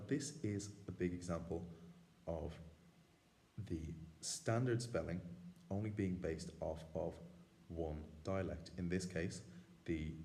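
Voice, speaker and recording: Male language teacher, deep mellow voice, measured explanatory delivery with pauses. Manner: measured, pausing between phrases.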